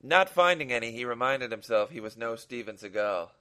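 A man's voice: mid-range voice, lively intonation, fairly quick, pushed and bright, smooth. A man who hosts a podcast reads his own short story aloud, in an earnest, dramatic manner with a few small restarts.

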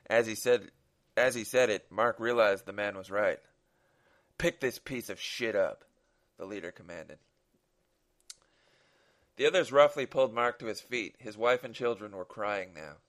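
A man's voice: on the low side, normal speed, a bit bright. A man who hosts a podcast reads his own short story aloud, in an earnest, dramatic manner with a few small restarts.

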